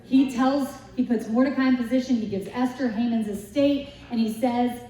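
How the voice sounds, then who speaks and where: A woman giving a casual Bible lesson, retelling the story in a lively way with rhetorical questions to her listeners. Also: fairly high pitch, normal speed. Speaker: Bible study teacher. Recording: echoey room, distant mic.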